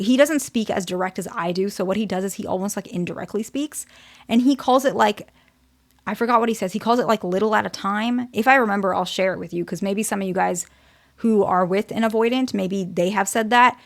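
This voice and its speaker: A woman's voice: medium pitch, normal speed. A woman therapist giving a casual, direct teaching talk, often checking in with "okay?".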